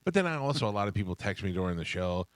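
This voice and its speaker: A male radio host with a low, deep voice, spinning anecdotes in casual banter and slipping into the voices of the people in his stories. The sound is dry and close, from a studio microphone. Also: big pitch swings, rapid-fire, clean tone, no echo. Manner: storytelling, acts out voices in anecdotes.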